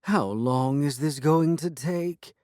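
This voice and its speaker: A scornful, gluttonous she-cat with a demon's soul grumbles her impatience in an audiobook, as a male narrator puts her on. The voice sits higher than his own. The booth sound is dry. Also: slow pace, a little mellow, dry recording. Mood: impatient. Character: sardonic gluttonous female cat, a trapped succubus.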